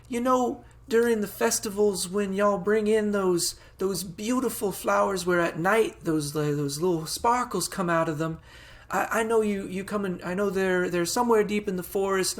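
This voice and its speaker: Guy doing a high fluttery farm mom, all gushy and fussing. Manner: gushing, fluttery exclamations. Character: fussy adorable middle-aged farm mother.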